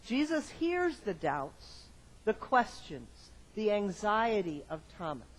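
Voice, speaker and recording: Male pastor, sermon, church sanctuary, lively pitch swings, builds phrases in rhythmic lists. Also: takes it slowly, low-quality recording. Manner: dynamic preaching, from quiet reflection to loud emphatic exclamations; addresses the congregation directly with questions.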